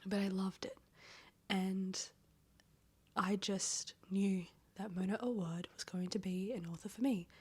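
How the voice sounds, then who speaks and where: A woman speaks in a breathy near-whisper with a husky, hoarse edge that keeps cracking. She chats and rambles through a casual book-review vlog and swears now and then. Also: medium pitch, steady tone, unhurried. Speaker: book vlogger.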